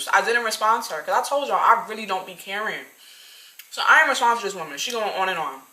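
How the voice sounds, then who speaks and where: Animated young woman telling a story. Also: medium pitch, quick pace, reverberant, low-quality recording. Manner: animated, slangy, talks straight to viewers. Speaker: vlogger. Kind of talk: casual storytime vlog.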